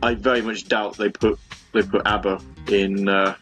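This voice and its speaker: A man's voice: on the low side, level tone, normal speed, a bit bright, faint music behind. Rambling man hosting online radio. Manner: rambling and self-mocking, full of fillers and restarts. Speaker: online radio show host. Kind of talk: casual chat with listeners between songs. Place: home room.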